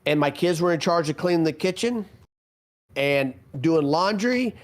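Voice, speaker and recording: Middle-aged guy on a podcast, kinda high voice, rambly storyteller. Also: animated, unhurried. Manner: rambling, storytelling, self-mocking. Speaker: podcast co-host. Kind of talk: casual podcast chat.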